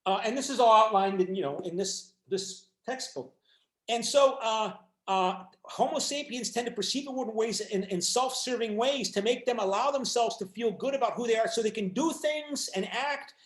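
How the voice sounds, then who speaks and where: A man giving a university lecture, lively and halting, with many restarts and fillers, often acting out voices for the people he describes. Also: high-pitched. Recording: roomy echo.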